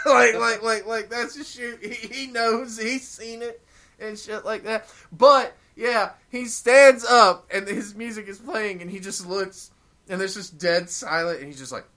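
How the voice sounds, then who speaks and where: A man's voice: high-pitched, measured pace, bright, forceful tone. A man in casual podcast chat, rambling, laughing often and repeating words as he tells the story.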